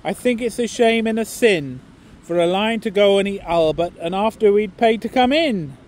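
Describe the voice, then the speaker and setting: A woman's voice: medium pitch, lively intonation, moderate pace, a little mellow, natural voice. A man voicing an indignant working-class northern mother in a put-on Lancashire accent, blunt and complaining, in a comic recited poem.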